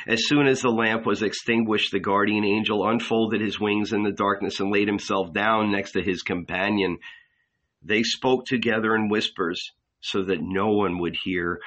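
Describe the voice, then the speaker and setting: A man narrating a literary novel in a measured, deliberate way. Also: fairly low pitch, steady tone, a bit bright. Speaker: audiobook narrator.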